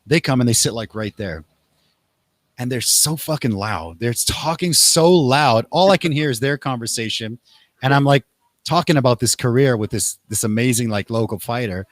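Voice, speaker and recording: A young man hosts a casual chat, telling stories with lively energy and jumping into higher voices to act out what people said. His voice sits at an everyday pitch and sounds close and dry, with little room echo. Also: normal speed. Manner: animated, acts out quotes in raised voices. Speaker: podcast host. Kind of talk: casual conversational storytelling.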